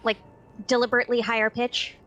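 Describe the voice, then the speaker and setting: A woman's voice: a little high, level tone, fast, a bit bright, soft background music. Playful, teasing woman co-host. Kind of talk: casual game commentary with friends.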